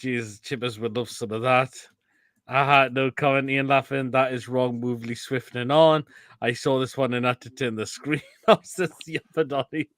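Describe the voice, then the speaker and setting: A man with an English accent hosting a casual live stream, reading out viewer comments, swearing freely and laughing loudly. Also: mid-range voice, fairly even intonation, normal speed, no room sound. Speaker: show host.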